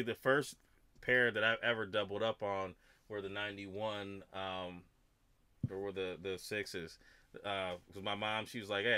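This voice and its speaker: A man's voice: on the low side, sharp tone, clear, resonant tone, no echo. A man hosting a casual panel chat, rambling and hesitant with many fillers. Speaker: podcast host.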